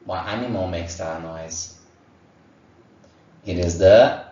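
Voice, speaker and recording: A man teaching an online lesson to young children, speaking in a slow, encouraging way and sounding out animal noises. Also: deep voice, mellow. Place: room at home. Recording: echoey, distant, dull home recording.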